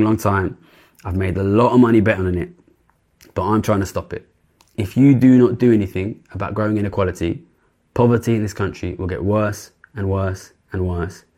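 A man's voice: lowish voice, darkish tone. A British man speaking directly to camera in an earnest, urgent appeal, with frequent restarts and repeated phrases. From Britain. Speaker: commentator addressing politicians.

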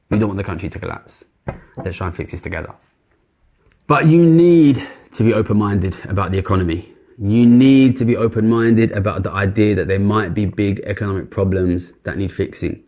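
A man's voice: on the low side, a little mellow. A British man speaking directly to camera in an earnest, urgent appeal, with frequent restarts and repeated phrases. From Britain. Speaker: commentator addressing politicians.

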